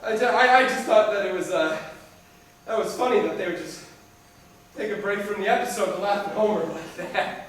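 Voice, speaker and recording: A man in a rambling, halting casual chat, often breaking into laughter. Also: sits high, a bit bright. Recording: echoey room from far off.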